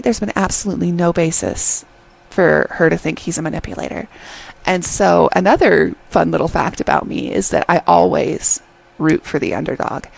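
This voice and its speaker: A woman casually recapping a drama, talking in an animated, exasperated way, often checking in with "okay?". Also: on the low side, vocal fry. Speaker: drama reviewer.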